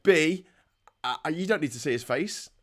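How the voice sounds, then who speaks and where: A man's voice: on the high side, expressive, moderate pace. A man hosting a morning show, chatting in a mocking, casual way and often breaking into laughter. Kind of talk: casual satirical commentary.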